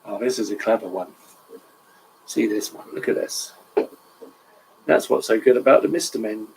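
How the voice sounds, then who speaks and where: A man's voice: fairly low pitch, normal speed, vocal fry, a little mellow, a little hiss or hum, poor audio. Chatty man reading a picture book aloud. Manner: chatty, chuckles, stops to admire pictures. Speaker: reader of a children's book.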